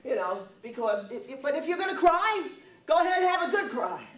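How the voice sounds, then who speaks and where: A woman's voice: sits high, sing-song, brisk. A woman giving a humorous lecture to a live audience, telling stories and laughing often. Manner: storytelling, laughing often, playful. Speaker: speaker on stress and humor. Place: large lecture hall with audience. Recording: echoey hall, distant mic, audience noise.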